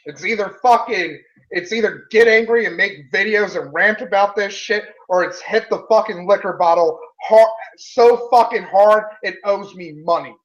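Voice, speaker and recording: High-voiced angry man ranting. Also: moderate pace, few pauses, a bit bright, dull audio. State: talking with candy in his mouth. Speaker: guest. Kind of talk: casual livestream chat.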